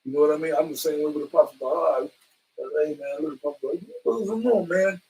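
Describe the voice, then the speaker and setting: A man's voice: on the high side, quick pace, a little mellow, distant mic, low-quality recording. A man in a religious brotherhood, talking earnestly and fervently to the group and calling them brother. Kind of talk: impassioned casual preaching.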